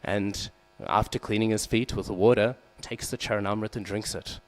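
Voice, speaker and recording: Male class speaker, deep-pitched, preaching in a temple hall with light electrical hum behind. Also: fairly even intonation, normal speed. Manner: frequent "hmm?" and "right?" checks with listeners; acts out quoted lines with raised voice. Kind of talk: scripture class sermon. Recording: low mains hum behind.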